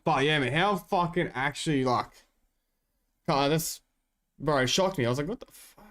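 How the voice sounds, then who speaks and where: A man's voice: on the high side, normal speed, a bit bright. An Australian man streaming, rambling in slangy casual chat with his viewers and swearing a lot.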